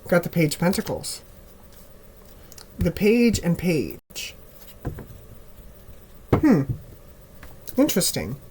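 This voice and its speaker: A man giving a casual tarot reading to camera in a relaxed, rambling way with frequent ums, his voice a little worn, recorded on a camera mic at home with birds heard behind him. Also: sits high, slow pace, pauses often, a little hiss or hum. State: slightly losing voice. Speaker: tarot reader. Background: birds chirping.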